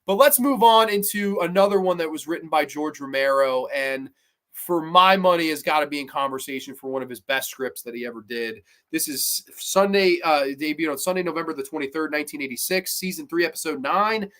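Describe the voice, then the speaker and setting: A man's voice: fairly high pitch, a little fast, fairly bright tone. A man hosting a casual review show, rambling and profane with lots of filler words. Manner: mimics characters in exaggerated voices. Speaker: host reviewing horror episodes.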